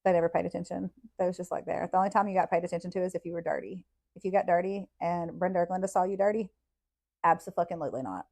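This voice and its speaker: A woman, a podcast host telling childhood stories in a blunt, profane, animated way. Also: lowish voice, very fast, vocal fry. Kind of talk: casual storytelling.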